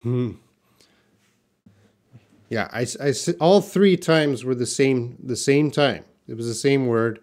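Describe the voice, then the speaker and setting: A man's voice: medium pitch, takes it slowly, long pauses, darkish tone. A man teaching a live online English pronunciation lesson, stretching out example words and chatting casually with viewers.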